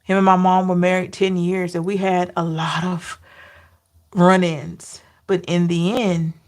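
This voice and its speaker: A woman tarot reader sharing personal memories in a slow, emotional, heartfelt way, with soft hums between thoughts. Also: on the low side, little pitch movement. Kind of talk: personal reflective talk.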